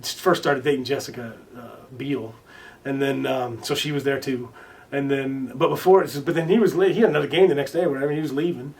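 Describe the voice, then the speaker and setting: A man being interviewed as a guest, telling stories casually, with many restarts and fillers, now and then swearing and loudly acting out what others said. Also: medium pitch, fairly even intonation, fairly quick, distant mic. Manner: swears casually and acts out quoted lines loudly. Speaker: interview guest, recording artist. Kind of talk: casual storytelling in conversation.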